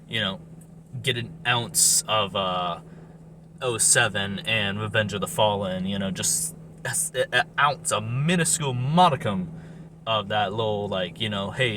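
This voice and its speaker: A man's voice: lowish voice, measured pace, noisy background. Rambling, profane man reviewing movies. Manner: rambling, profane, animated, laughs often. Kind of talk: casual rant.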